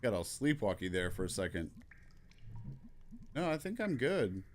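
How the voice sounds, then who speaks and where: A man hosting a let's play, reading every character's lines aloud in turn, quick and offhand. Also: lowish voice, sing-song, a little hiss or hum. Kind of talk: reading game dialogue aloud.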